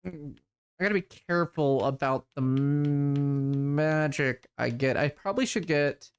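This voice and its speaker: Male streamer, casual, relaxed, hesitant, reading game text aloud. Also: on the high side, unhurried, clear, resonant tone, faint music behind.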